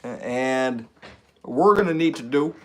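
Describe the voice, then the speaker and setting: A man doing an impression of a measured male politician who talks slowly, with drawn-out "uh" pauses. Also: medium pitch, expressive, fairly bright tone, a little hiss or hum, pitched below the performer's own voice. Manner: slow, halting delivery with drawn-out "uh" pauses.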